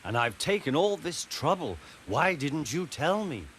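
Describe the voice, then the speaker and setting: A man's voice: a little high, very animated, measured pace, a bit bright, slight background noise. A man voicing a pushy male diesel engine who sounds indignant and put out.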